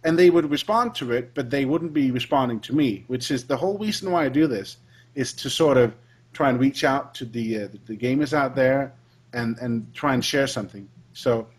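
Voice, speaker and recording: Husky podcast host guy, easygoing chat, keeps saying yeah. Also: medium pitch, normal speed. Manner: agreeable, frequent short replies.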